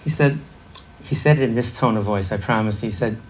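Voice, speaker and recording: A man's voice: fairly low pitch, fairly quick, a little mellow, a little hiss or hum. A middle-aged man leading an interactive parenting workshop, chatty and laughing, quizzing a live audience.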